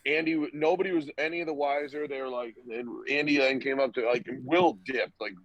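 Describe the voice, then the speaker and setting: A young man spins a casual, swearing-laced story as a podcast guest, slipping into the other people's dialogue as he tells it. His pitch sits in an ordinary middle range. The recording is dull and lo-fi, with a dry, close sound. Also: steady tone, a little fast, no room sound. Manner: loose, profane, acts out quoted dialogue.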